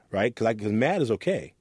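A man from Oakland speaks in an interview with a low, mellow voice. He tells his story earnestly as a youth mentor and acts out the people in it. The room is dry and close. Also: sing-song, normal speed, husky, no room sound. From Oakland, California. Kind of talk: reflective interview talk.

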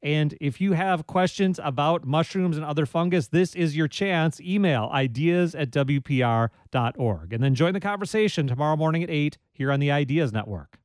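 Wry, measured male radio host. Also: a little high, no room sound. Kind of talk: public radio talk show hosting.

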